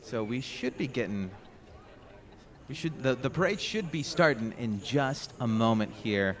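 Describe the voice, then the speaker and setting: A man's voice: medium pitch, animated, measured pace. A young man announcing a street parade outdoors on a radio feed, upbeat and chatty with a joking manner. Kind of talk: live event commentary.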